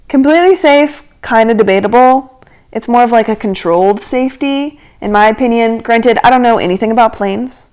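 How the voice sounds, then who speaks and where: A woman in her twenties hosting a podcast, telling a personal story in a chatty, animated way and leaning on "like" a lot. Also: on the high side, smooth, low-quality recording. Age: 20s. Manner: chatty, animated, heavy use of "like". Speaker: podcast host. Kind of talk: casual storytelling.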